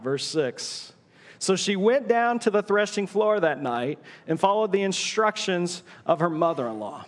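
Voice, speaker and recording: A man with a high, bright-toned voice preaches to his congregation, slowing for hushed dramatic pauses and lifting for playful asides. His words ring out into a large church room with a long trailing reverb. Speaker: pastor. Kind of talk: sermon. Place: church auditorium.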